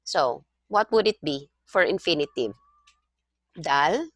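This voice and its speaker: Slow, patient woman tutor. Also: low-pitched, lively intonation, no room sound. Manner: patient, explains step by step. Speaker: language tutor. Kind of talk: one-on-one language lesson. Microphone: video call.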